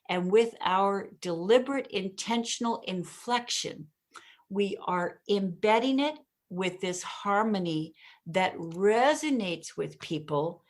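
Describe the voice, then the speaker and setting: A woman giving a podcast interview as a communication coach, speaking emphatically, pausing and punching key words, often addressing the host by name. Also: medium pitch. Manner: emphatic, deliberate punchy delivery with pauses.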